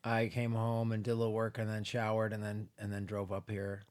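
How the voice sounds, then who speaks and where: A man's voice: fairly low pitch, fairly quick. Tired, chatty man hosting. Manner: laughs often, animated storytelling with voiced asides. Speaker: podcast co-host. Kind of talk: casual chat.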